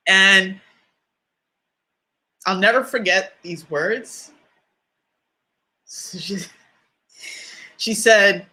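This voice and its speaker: A woman's voice: mid-range voice, lively intonation, normal speed, pauses often, pushed and bright. A woman motivational speaker telling a personal story on a livestream, candid and conversational, close to tears and laughing through it. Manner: candid, conversational, addresses listeners directly.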